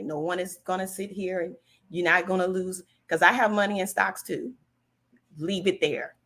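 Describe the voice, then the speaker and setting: A Californian woman hosts a casual political livestream in a lowish, steady, fairly bright voice at a normal speed. Chatty and emphatic, she repeats her points and reads viewers' comments aloud to answer them.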